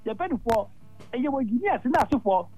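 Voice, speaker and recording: A man calls in to a radio phone-in and talks at length, rambling on and repeating himself. His voice sits high and the words come quickly. Faint music plays underneath the call. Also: sing-song, darkish tone, highs cut off. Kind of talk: phone-in comment on a talk radio show.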